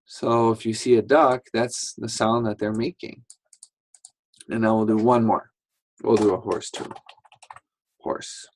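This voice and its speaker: A man teaching a slow English lesson to young learners, patient and repetitive, acting out sounds as he explains. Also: on the low side, fairly even intonation, vocal fry, husky. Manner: patient, repeats words, acts out sounds.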